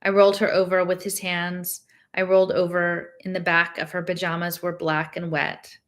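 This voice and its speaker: Woman with a lowish voice reading a novel aloud. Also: little pitch movement, moderate pace, fairly bright tone. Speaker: reader.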